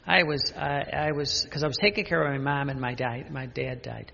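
An older man, a priest, giving an unscripted spiritual talk with personal stories, speaking haltingly with many restarts and fillers. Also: mid-range voice, fairly even intonation, creaky, pushed and bright, big-room sound, lo-fi sound.

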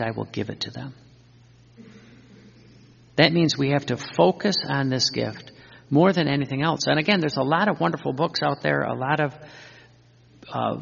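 A man's voice: mid-range voice, gravelly, a bit bright, breathy edge, long reverb tail, lo-fi sound. A man teaching in an earnest sermon style, repeating phrases and quoting scripture. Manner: earnest, repetitive, quotes scripture. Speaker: religious teacher.

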